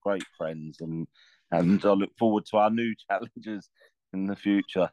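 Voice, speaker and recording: A man's voice: deep voice, unhurried, darkish tone, no echo. A man, co-hosting a podcast over a video call in casual chat with friends, often laughing and tripping over his words. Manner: chatty, laughs often, stumbles and repeats words. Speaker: podcast co-host.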